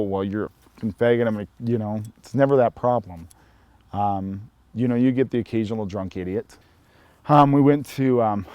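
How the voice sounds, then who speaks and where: A man's voice: fairly low pitch, no echo, dull audio. Laid-back man rambling through a story. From Helena, Montana. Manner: relaxed, rambling, with many "you know" fillers. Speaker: storyteller sharing his coming-out experience. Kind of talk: casual personal storytelling.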